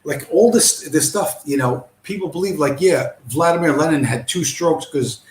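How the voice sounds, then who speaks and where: A man's voice: a little high, moderate pace. A man hosting a livestream, talking in a long profane rant full of restarts and asides. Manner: profane, rambling, repeats "you know what I mean". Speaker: livestream host. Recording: roomy echo.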